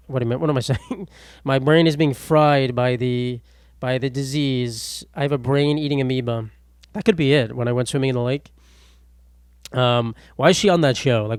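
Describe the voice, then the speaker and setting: A man's voice: medium pitch, darkish tone, dry recording, clean studio sound. A young man hosting a casual solo podcast, rambling through stories with self-deprecating asides. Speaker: podcast host.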